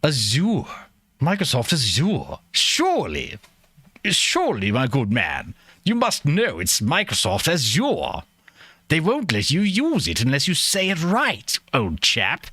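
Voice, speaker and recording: A man voicing a haughty, pompous English gentleman who condescendingly corrects someone's pronunciation. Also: a little high, wildly swooping pitch, takes it slowly, husky, no echo, exaggerated voice.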